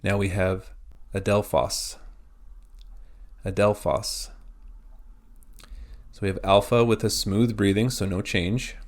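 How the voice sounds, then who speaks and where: A man teaching a pronunciation lesson, spelling out words letter by letter in a slow, methodical way. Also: lowish voice, fairly even intonation.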